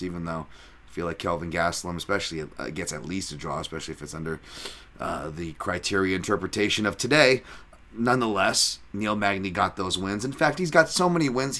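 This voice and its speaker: Bright, rambling, profane male fight podcaster. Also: mid-range voice. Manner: rambling, profane, self-mocking asides. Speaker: podcast host and fight analyst. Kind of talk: casual fight breakdown chat.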